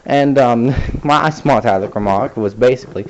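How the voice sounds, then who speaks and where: A man rambles through a personal story in a casual vlog, sarcastic and loose, with plenty of swearing. His voice sits at an ordinary middle pitch. The recording sounds dull and lo-fi. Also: normal speed, darkish tone, a little hiss or hum. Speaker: vlogger.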